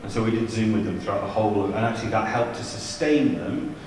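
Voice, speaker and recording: A man leads a church youth ministry seminar, telling stories in a chatty, humorous style with asides. His fairly low voice is expressive, quick, and a little mellow, picked up from far away in a large, echoey hall with slight background noise.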